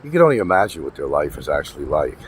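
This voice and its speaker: A man with an extremely low voice rants in a casual vlog, racing along with big swings in pitch. He's blunt and profane, repeating his points for emphasis, while wind and traffic noise fill the outdoor recording.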